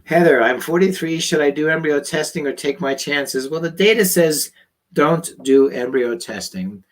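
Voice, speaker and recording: Slightly hoarse guy doctor, voice a bit high, reads viewer questions, short blunt answers, lots of ums. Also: expressive, moderate pace. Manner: loose, with frequent ums and uhs. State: slightly hoarse, losing his voice. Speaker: fertility doctor. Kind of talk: live online Q&A.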